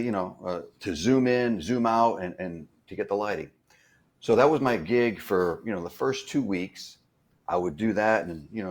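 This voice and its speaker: A man with a fairly low voice tells anecdotes from a film set in a relaxed interview. He talks in a rambling way, full of fillers and restarts. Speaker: guest, stunt performer. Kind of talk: casual storytelling interview.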